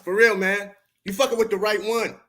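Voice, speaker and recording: A man from Baltimore, speaking with a Baltimore accent, tears into his chat on a home livestream. His voice sits noticeably high. He lectures in a confrontational, profane street style with a preacher's cadence. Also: flat delivery, moderate pace, pushed and bright. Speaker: podcast host. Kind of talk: heated livestream rant at chat.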